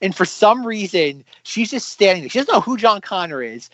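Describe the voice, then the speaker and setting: A man co-hosting a film podcast in casual chat, animated and full of incredulous rhetorical questions. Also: high voice, moderate pace, no echo. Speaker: podcast co-host.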